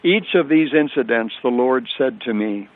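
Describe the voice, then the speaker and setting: A man's voice: mid-range voice, lively intonation, normal speed. Older guy on a radio call-in telling a faith story, earnest, repeats himself, thin phone-line sound. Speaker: radio guest. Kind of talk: personal faith testimony.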